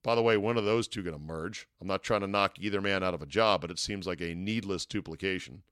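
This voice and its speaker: A man's voice: low-pitched, fast, fairly bright tone, clean tone, no room sound, clean studio sound. A man hosting a sports talk podcast, delivering a casual, digressive monologue with wry asides. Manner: wry, digressive, chuckles at his own asides.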